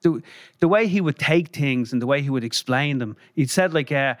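An Irish man sits in a podcast studio and tells old stories in a loose, meandering way, full of fillers and little chuckles. His voice sits at an ordinary pitch and sounds dry and close to the mic. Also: lively intonation, moderate pace, no room sound. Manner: rambling, lots of "you know" and "um", chuckles while telling stories. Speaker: guest, former band crew member. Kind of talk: casual anecdotal storytelling.

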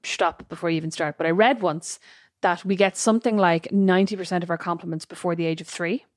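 Fast-talking Irish woman telling stories. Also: on the low side, dry recording, studio quality. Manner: animated storyteller, exasperated asides. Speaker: podcast co-host. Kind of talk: casual chat.

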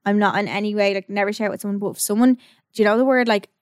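A young Irish woman in casual chat, talking in quick restarts full of "like". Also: mid-range voice, steady tone, clear, resonant tone, no echo, studio quality. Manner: chatty, lots of "like" and restarts.

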